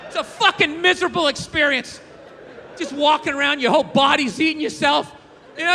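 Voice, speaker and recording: A man doing a stand-up routine on stage, ranting and shouting with lots of profanity. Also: extremely high pitch, fairly even intonation, brisk, creaky, big-room sound. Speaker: stand-up comedian. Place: comedy stage with live audience. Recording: live crowd audio with noise.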